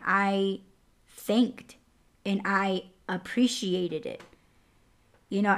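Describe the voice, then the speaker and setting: A young adult woman hosting a podcast, telling a personal story in a candid, profane, casual way. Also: medium pitch. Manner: candid and profane, lively swings in loudness. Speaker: podcast host.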